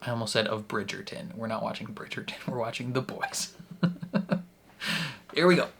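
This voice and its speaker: A man's voice: mid-range voice, animated, moderate pace, gravelly, a bit bright, slight background noise. A young man hosting a reaction channel, talking casually to camera in a rambling, jokey way with laughs between phrases.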